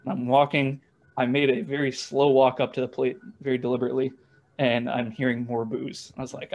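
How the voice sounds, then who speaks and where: A young man, a former baseball catcher, telling stories in a relaxed, rambling way with lots of fillers and restarts. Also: mid-range voice, fairly quick. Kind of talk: casual storytelling interview.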